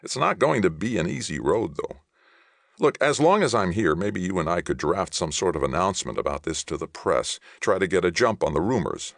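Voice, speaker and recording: A man voicing a weary, gruff veteran officer who talks in a grim growl. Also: deep voice, big pitch swings, a little fast, dry recording, clean studio sound, heavily acted.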